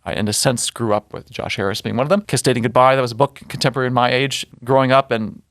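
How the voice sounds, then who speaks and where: A man's voice: mid-range voice, steady tone, quick pace, fairly bright tone, dry recording. A man in his forties from Wisconsin with a Wisconsin accent, a guest scientist talking casually in an interview and correcting himself as he thinks aloud. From Wisconsin, USA. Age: 40s.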